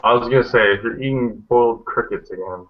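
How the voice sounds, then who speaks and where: A man's voice: medium pitch, quick pace. A man hosting a casual group video chat, rambling and blunt, swearing freely. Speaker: hangout host. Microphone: video call. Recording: tinny phone-like audio.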